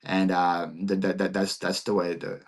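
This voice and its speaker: A man with a Philadelphia accent, born in Ukraine, hosting a relaxed livestream Q&A for sellers. His voice sits a little low, and his talk keeps catching on repeated words and restarts. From Ukraine, raised in Philadelphia. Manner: halting, repeats words often. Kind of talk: casual livestream Q&A.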